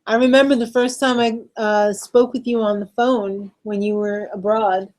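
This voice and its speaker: A woman's voice: mid-range voice, level tone, moderate pace, a little mellow. A woman co-hosting a casual chat, talking loosely, laughing often and trailing off mid-sentence. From New York. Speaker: co-host.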